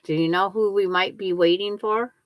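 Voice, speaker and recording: A woman's voice: mid-range voice, steady tone, normal speed, dry recording. An older woman hosting a quilting livestream, chatting with viewers and talking herself through each step as she sews. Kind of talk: casual chat while sewing.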